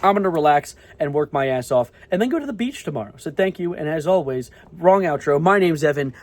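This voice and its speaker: A young male vlogger talks quickly in a casual, rambling video diary, swearing offhandedly and jumping from one thought to the next. His voice is slightly high, sing-song, and a little mellow.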